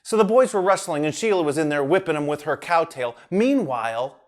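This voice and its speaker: A man narrating a children's story in an animated, playful way. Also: fairly high pitch, fairly quick.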